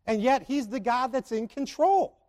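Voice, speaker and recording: A man's voice: very high-pitched, animated, normal speed, a little mellow. A man preaching a sermon and asking the congregation rhetorical questions. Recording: long hall reverb.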